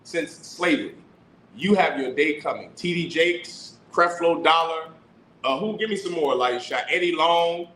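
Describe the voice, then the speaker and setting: Forceful, emphatic male preacher. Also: fairly high pitch, moderate pace, echoey room, slight background noise, low-quality recording. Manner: emphatic preaching with rhetorical questions. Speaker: teacher of a religious class. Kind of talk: sermon-style scripture teaching.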